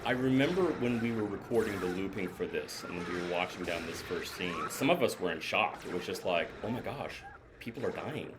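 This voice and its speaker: A man's voice: low-pitched, a little fast, hardly any pauses, noisy background. A man, a voice actor, chatting casually as he reacts live to a TV episode and muses aloud with small laughs. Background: episode soundtrack music playing.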